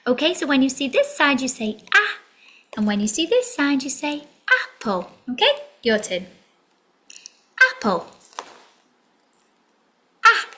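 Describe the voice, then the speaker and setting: A woman's voice: high voice, big pitch swings, a little slow, pauses often, pushed and bright, slight background noise. A woman teaching a children's phonics lesson in a sing-song way, drawing out letter sounds and slipping into whispered asides.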